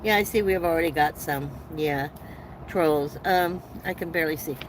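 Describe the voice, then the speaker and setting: A woman's voice: low voice, normal speed, noisy background. A woman hosting a casual live chat from inside her van, telling rambling stories with many restarts. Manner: chatty, rambling storytelling with frequent restarts and laughs. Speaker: livestream host.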